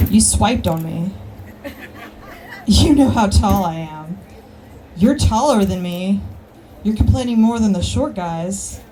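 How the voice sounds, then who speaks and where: A woman's voice: medium pitch, dark tone, slight background noise, poor audio. Brash woman doing stand-up. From Alabama. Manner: brash, crude punchlines and rambling asides. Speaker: stand-up comedian. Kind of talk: stand-up comedy set. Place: live outdoor show with audience.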